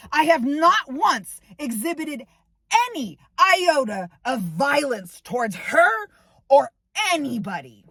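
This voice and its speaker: Woman ranting to her camera, swears a lot, voice jumps all over and goes high. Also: bright, forceful tone, dry recording. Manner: heated, profane ranting in fast bursts. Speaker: vlogger. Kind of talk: angry personal venting to camera.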